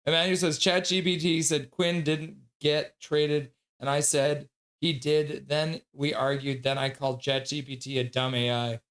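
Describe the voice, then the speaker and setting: Male streamer, a touch high in pitch, reads chat aloud, casual, laughs a lot, bursts into excited yells. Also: unhurried. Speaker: livestream host.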